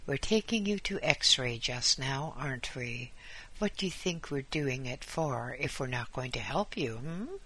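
A man voicing a brisk, sarcastic male hospital orderly in a storybook reading. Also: medium pitch, lively intonation, bright, forceful tone, breathy edge, full character voice.

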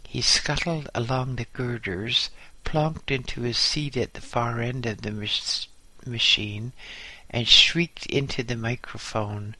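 Man, audiobook memoir narrator, dry humor, unhurried, bright, dry close mic. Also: mid-range voice, steady tone, no room sound. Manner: slow, measured, dryly humorous.

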